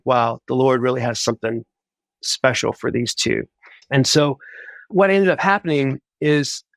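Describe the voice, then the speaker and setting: A man telling his faith testimony in a casual, animated way. He often says "like" and acts out his own thoughts as quotes. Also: mid-range voice, no echo. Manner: animated, full of "like" and quoted inner voices. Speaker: guest sharing a faith testimony. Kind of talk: casual storytelling.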